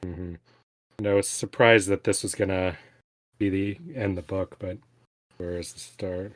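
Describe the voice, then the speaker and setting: A man co-hosting a casual book discussion podcast, relaxed, with frequent "you know" fillers. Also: sits low, measured pace, long pauses, no room sound, studio quality. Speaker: podcast co-host.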